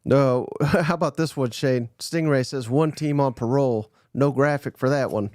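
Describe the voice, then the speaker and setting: A man's voice: medium pitch, normal speed, darkish tone, dry recording, studio quality. A man co-hosting a podcast in casual sports chat, teasing his partner and reading out listener comments. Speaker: podcast co-host.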